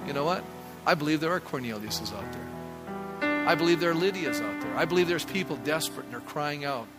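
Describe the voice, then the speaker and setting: Man in his 60s, pastor, sermon, rhetorical questions, slightly high voice. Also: expressive, a little fast, loud music behind the voice. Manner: conversational, asks the congregation rhetorical questions.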